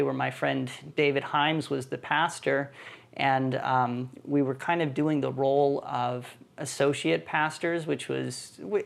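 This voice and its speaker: A man who is a missionary and church planting team leader, telling his story in a relaxed, easygoing way on a podcast. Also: mid-range voice, vocal fry. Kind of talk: casual podcast conversation.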